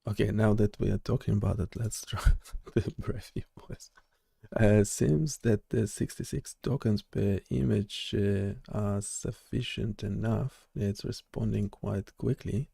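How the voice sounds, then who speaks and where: A man hosting a live coding stream, chatting casually and haltingly with lots of fillers and restarts. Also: on the low side, steady tone, creaky, mellow, slightly rough, no echo, studio quality. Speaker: live-stream host and developer.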